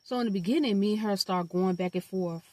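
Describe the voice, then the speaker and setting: A young adult woman telling a personal storytime to her viewers, animated and blunt, with profanity and slangy asides. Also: mid-range voice, quick pace, dry recording. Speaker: storytime vlogger. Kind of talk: casual storytelling.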